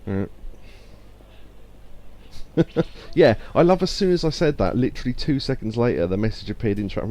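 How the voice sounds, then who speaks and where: A man's voice: medium pitch, sing-song, moderate pace, pauses often, dark tone. A man chatting casually while streaming a video game, reading out chat messages and joking at his own expense. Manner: chatty, self-deprecating, reads chat aloud. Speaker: gaming streamer. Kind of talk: casual let's play commentary.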